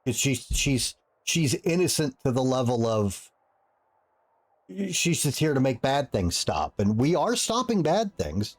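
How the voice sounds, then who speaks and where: A man's voice: mid-range voice, measured pace. A man streaming, telling a long rambling story in casual chat. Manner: animated, rambling, lots of restarts.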